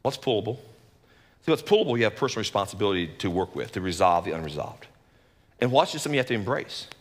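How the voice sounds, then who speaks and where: A man, a lead pastor, giving a conversational sermon in an animated, folksy way with joking asides. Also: fairly low pitch, quick pace, long reverb tail.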